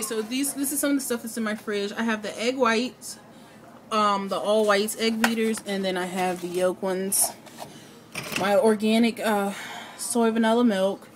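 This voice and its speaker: A woman talking through a casual home video diary, slightly out of breath, hesitant with many pauses and fillers. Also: mid-range voice, a little hiss or hum. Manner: hesitant, many ums and restarts. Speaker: vlogger.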